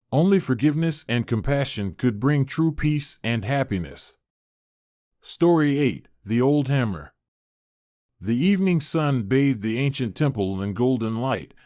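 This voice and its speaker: Man, storybook narrator, calm, gentle, even reading, mid pitch, dry close mic. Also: dry recording.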